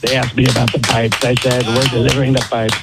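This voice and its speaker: A man's voice: mid-range voice, level tone, fast talker, gravelly, loud music behind the voice, close to an everyday voice, rough recording. A man doing an impression of a boastful older male politician, rambling and repetitive.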